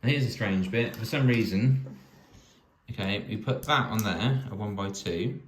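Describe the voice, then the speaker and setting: In an echoey room with faint noise, a vlog host builds a toy set for a home video, thinking aloud step by step and tossing in dry jokes. His voice is on the low side and unhurried.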